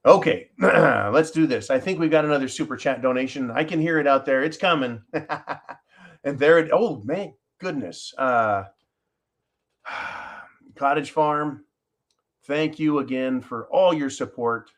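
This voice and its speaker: A man's voice: on the high side, a little slow. A man hosting a live stream, talking passionately and emphatically to his viewers, swearing freely and calling them folks. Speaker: live show host.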